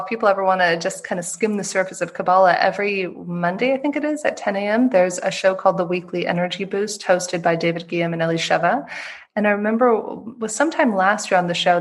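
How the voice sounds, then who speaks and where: A woman speaking as an interview guest, with a medium-pitched voice. She tells her stories with animation and jumps up in pitch whenever she acts out the people in them. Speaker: guest author.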